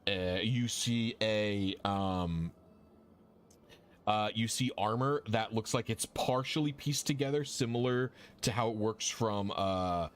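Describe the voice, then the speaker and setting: A man's voice: fairly low pitch, slow pace, clear, resonant tone. A man narrating as game master of a tabletop game in a casual way, with lots of fillers.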